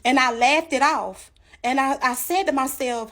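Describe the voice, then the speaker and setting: A woman's voice: high voice, moderate pace, fairly bright tone. A woman telling her own story to viewers in a casual, emphatic way, talking straight to the audience. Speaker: storyteller giving a testimony.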